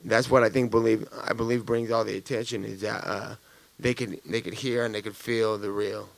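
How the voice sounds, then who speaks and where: A man's voice: lowish voice, little pitch movement, moderate pace, creaky. A man, a fighter at a press conference after his fight, answering questions bluntly and profanely, rambling with many fillers.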